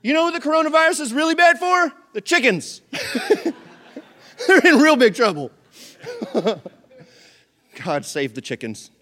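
Man, middle-aged pastor, lively sermon delivery with playful acted-out voices, high-pitched. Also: a little slow, pauses often. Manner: animated, acts out voices and jokes.

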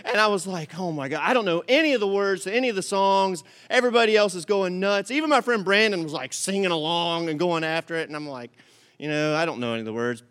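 A man's voice: high voice, fast talker, clear, resonant tone. A man giving a sermon, telling a comic story with frequent "all right?" asides before turning to scripture. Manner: animated, comic delivery. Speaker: pastor.

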